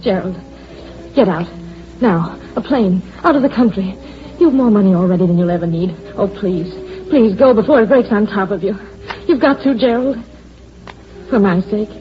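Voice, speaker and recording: A woman playing a bitter, sharp-tongued secretary. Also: medium pitch, normal speed, lightly acted. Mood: pleading. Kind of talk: 1940s radio acting. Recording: dull lo-fi old radio recording with music.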